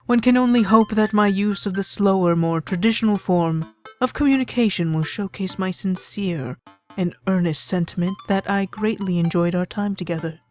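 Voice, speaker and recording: Formal gothic man, read by a woman, unhurried, grand, flowery, faint music behind. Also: medium pitch, lightly acted. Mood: earnest, courtly. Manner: slow, grand, theatrical reading. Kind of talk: game let's play voice acting.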